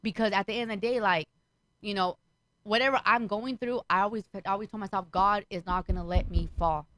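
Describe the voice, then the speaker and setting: A woman's voice: medium pitch, brisk, a little hiss or hum, rough recording. A woman comedian on a casual talk show, swearing freely and acting out the voices of people in her stories. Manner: profane, animated storyteller who acts out voices. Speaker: stand-up comedian guest. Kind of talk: casual chat.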